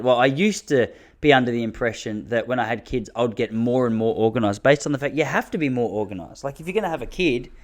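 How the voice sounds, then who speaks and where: A man in his thirties with an Australian accent, hosting a podcast in a rambling, casual solo monologue full of slang. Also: mid-range voice. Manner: rambling storytelling with slang and restarts. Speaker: podcast host.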